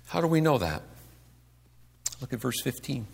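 A man's voice: medium pitch, sing-song, moderate pace, vocal fry, husky. A man giving a conversational sermon to a congregation, asking rhetorical questions and acting out the complaints he quotes. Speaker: pastor.

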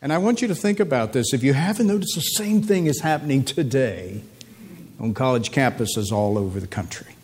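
Male preacher, mid-pitched, emphatic delivery that repeats key phrases. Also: animated, a little fast, darkish tone, breathy edge. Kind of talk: sermon.

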